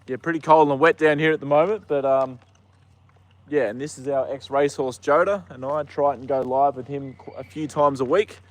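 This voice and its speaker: A man's voice: mid-range voice, steady tone, normal speed. A young Australian man chatting casually on a live stream outdoors, rambling with lots of ums and uhs. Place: outdoors with a horse.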